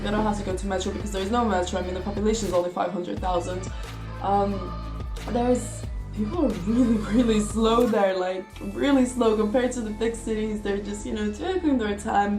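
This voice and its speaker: An eighteen-year-old woman from Russia chatting casually to camera as a vlogger, rambling along with lots of "like" and "you know". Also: mid-range voice. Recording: echoey room with music behind.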